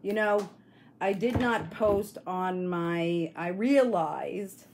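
Slow-talking woman chatting with viewers. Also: fairly low pitch, noisy background. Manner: rambling, reads and answers viewer comments aloud. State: grieving, near tears. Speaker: livestream host. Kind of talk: casual livestream chat.

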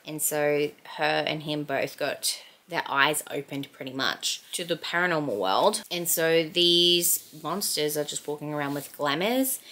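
A young Australian book vlogger chats casually at home about what she's reading, in a low but fairly bright voice. She's chatty and giggles often, peppering everything with "like."

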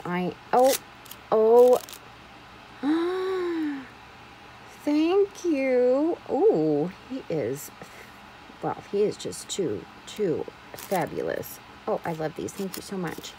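A woman with a fairly high voice unboxes craft goodies at an unhurried pace, gushing and gasping over each item. Faint background noise sits under her casual vlog chat. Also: darkish tone, rough recording. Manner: gushing, frequent gasps and exclamations. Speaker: craft vlogger unboxing a swap package.

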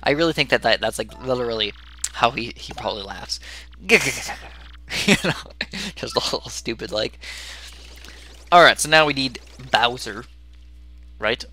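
A man's voice: mid-range voice, moderate pace, long pauses, sharp tone, slight background noise. A man casually commenting on gameplay as a let's play host, with joking, chatty asides.

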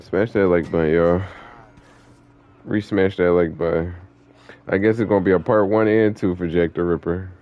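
A man's voice: deep voice, fairly even intonation, normal speed, long pauses, dull audio. A young man streaming an online game, chatting with viewers in a laid-back, slangy, profane way. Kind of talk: casual live-stream chat.

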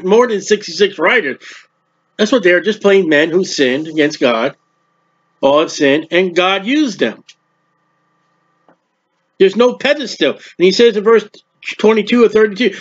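A man's voice: high-pitched, a bit bright, highs cut off. A man preaching a sermon, reading scripture aloud and explaining it in a plain-spoken, emphatic way.

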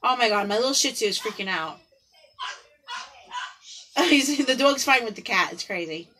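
A woman with a fairly high, bright, forceful voice reads tarot cards live for online friends. She talks in an easygoing, giggly way and slips into hushed prayers to her spirit guides. It sounds like a casual home livestream picked up by her phone or computer mic. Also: expressive, moderate pace, slight background noise, low-quality recording. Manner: chatty and giggly, breaks off for her pets. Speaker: tarot card reader. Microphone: phone or computer on a live video stream.

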